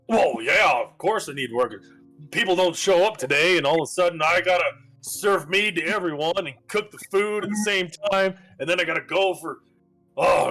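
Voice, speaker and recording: A man voicing a gruff, overworked male tavern keeper who talks loudly and complains. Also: fairly high pitch, low-quality recording. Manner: loud and exasperated, complaining.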